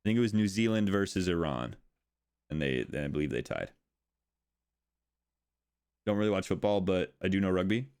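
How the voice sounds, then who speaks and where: A young American man streaming casual chat, rambling and animated, swearing and laughing often as he talks. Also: low voice, normal speed, long pauses, smooth. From United States.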